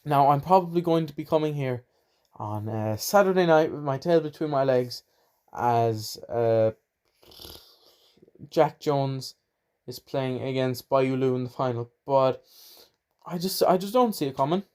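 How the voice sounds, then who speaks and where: A man's voice: medium pitch, unhurried, long pauses, darkish tone. A young Irish man hosting his own podcast, rambling and chatty with a self-deprecating streak. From Ireland. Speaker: podcast host. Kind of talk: casual solo podcast chat.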